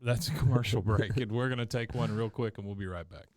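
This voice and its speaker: A man's voice: on the low side, over loud music. A man co-hosting a casual podcast, retelling the plot of a cartoon episode scene by scene. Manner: retells scenes, putting on quick character voices in quotes. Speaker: podcast co-host. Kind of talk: casual chat recapping an episode.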